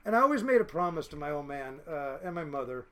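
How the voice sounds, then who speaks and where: A man's voice: on the high side, big pitch swings, fast, fairly bright tone. A man in his fifties from the United States, a fishing boat captain telling blunt, salty, rambling stories as a podcast guest. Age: 50s. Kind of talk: casual storytelling.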